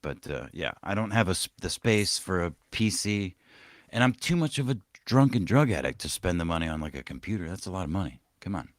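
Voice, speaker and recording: Low-voiced, foul-mouthed man in dry close sound. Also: sing-song, brisk, no room sound. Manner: crude, profane storytelling with laughs. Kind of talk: casual podcast chat.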